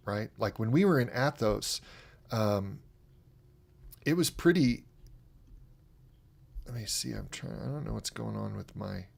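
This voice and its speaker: A man with a gravelly, creaky edge to his voice, at a middle pitch, recounts a personal story on his own broadcast. He talks candidly and loosely, circling back on his words with restarts and fillers as he goes. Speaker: broadcast host. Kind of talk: personal testimony on a livestream.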